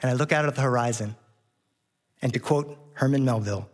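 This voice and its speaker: A man's voice: mid-range voice, fairly quick, pauses often. A middle-aged man performing a personal story on stage, with vivid, rhythmic delivery. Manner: vivid, rhythmic storytelling with playful character voices. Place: on stage before a live audience.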